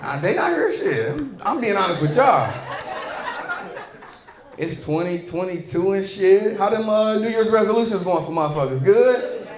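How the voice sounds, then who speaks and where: High-voiced profane stand-up comedian. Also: male voice, lively intonation, normal speed. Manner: profane, rambling, crowd-addressing. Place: comedy club stage with audience. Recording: echoey club with crowd noise. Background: audience laughter.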